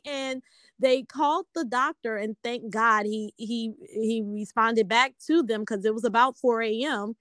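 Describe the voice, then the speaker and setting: A woman speaking earnestly in a casual conversation, measured, with fillers and self-corrections. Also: on the high side, fairly bright tone, no room sound.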